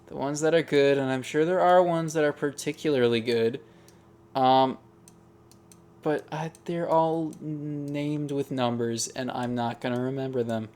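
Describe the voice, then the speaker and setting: A man talking casually as he ranks songs. He thinks aloud, hesitates and restarts often, in a voice of middling pitch. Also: fairly even intonation, a little slow, a little mellow, clear, resonant tone. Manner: musing, hesitant, frequent ums and restarts. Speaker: music ranking video host. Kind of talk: casual tier-list commentary.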